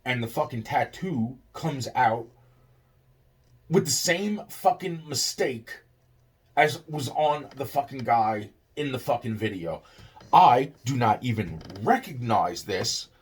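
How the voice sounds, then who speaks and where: A man's voice: medium pitch, husky. A man telling a personal story in casual speech, stammering and swearing often as he acts out the back-and-forth. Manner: stammering, profane, animated.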